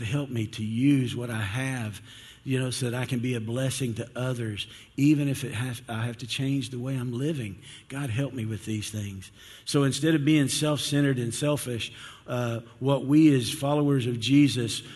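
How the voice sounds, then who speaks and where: A man preaches in an easygoing, conversational way, doubling back on his words as he goes. His voice sits at an ordinary pitch. A long reverb trails each phrase, like a church hall. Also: a little mellow. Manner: conversational preaching with frequent restarts. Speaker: pastor. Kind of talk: sermon.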